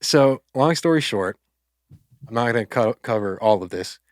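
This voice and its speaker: A man co-hosting a faith podcast, casually retelling a Bible story in loose, chatty speech, with quick asides and quoted lines. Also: medium pitch, expressive, no echo, clean studio sound. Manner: loose, conversational, acts out quotes with filler words. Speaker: podcast co-host.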